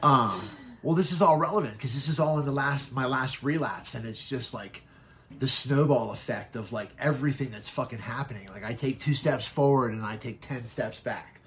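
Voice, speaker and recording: A podcast guest with a mid-range, slightly bright voice tells a personal story at a moderate pace, candid and casual, swearing often and acting out what other people said.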